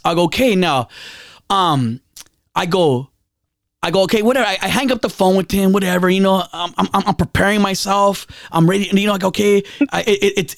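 High-voiced, stammering man telling stories. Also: brisk, fairly bright tone, no echo, clean studio sound. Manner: rambling storyteller, stammers and repeats words, swears freely. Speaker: podcast host. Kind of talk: casual chat.

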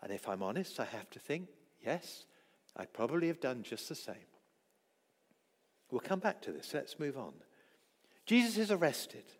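A man preaching a sermon who acts out the quoted voices and swings between loud and soft. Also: mid-range voice, very animated, normal speed, pauses often, breathy edge. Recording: long echo of a church hall.

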